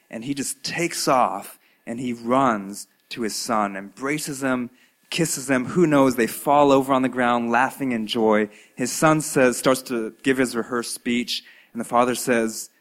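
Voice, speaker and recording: A man preaching a sermon, retelling a parable with acted-out voices and big swings from loud to hushed. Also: mid-range voice, moderate pace. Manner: storytelling, acts out voices with lively swings in loudness. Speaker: pastor.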